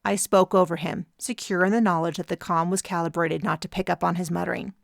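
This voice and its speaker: A woman narrating a first-person audiobook in a measured storytelling manner on a close mic. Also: fairly low pitch, steady tone, creaky, dry recording.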